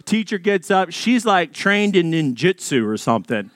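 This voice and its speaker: A man, a pastor telling a storytelling sermon in an animated, jokey way, acting out voices in his anecdotes. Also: high voice, moderate pace, hardly any pauses, no room sound, studio quality.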